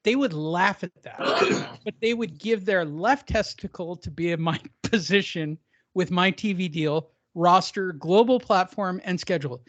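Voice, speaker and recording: A man's voice: high-pitched, measured pace, no echo. A man hosting a boxing podcast, joking around and swearing in casual chat. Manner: joking, self-mocking, crude. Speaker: podcast host.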